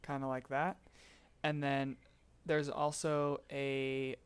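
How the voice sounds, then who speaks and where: A man explaining vocal tuning in a relaxed live-stream tutorial, chatting and laughing with his chat between explanations. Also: medium pitch, slow pace, clear, resonant tone. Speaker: streamer teaching voicebank tuning.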